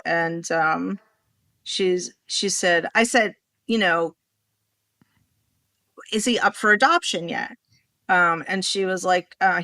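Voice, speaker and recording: A woman telling a rambling story in a casual podcast conversation, acting out what people said with lively swings in her voice. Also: mid-range voice, no echo. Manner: animated, rambling, acts out quoted dialogue.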